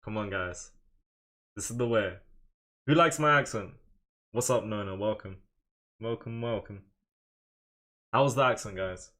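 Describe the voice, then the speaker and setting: A man's voice: on the low side, measured pace, long pauses, fairly bright tone. A young man streaming chess live, joking and boasting while reading out chat messages.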